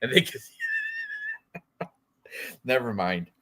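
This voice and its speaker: A man's voice: mid-range voice, lively intonation, drawn-out words, bright, forceful tone. A man co-hosting a fight picks stream, rambling in casual banter, swearing and laughing often. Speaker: co-host of a fight picks show.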